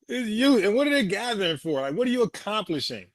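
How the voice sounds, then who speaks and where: A man's voice: high voice, a bit bright, dry recording. A man, giving blunt, scornful commentary on a video and laughing often. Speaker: commentator reacting to a protest video. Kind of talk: casual mocking commentary.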